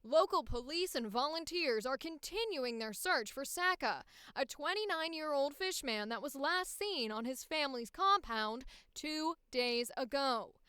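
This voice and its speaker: A woman voicing a professional, upbeat female news reporter in an audition read, enunciating crisply like a typical newscaster. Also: high-pitched, animated, measured pace, hardly any pauses, pushed and bright, dry recording, studio quality, exaggerated voice.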